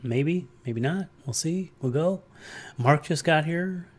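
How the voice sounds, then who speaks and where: A man's voice: on the high side, slow pace, breathy edge. A man hosting a casual livestream, chatting in a rambling way and answering viewer comments aloud. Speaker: livestream host.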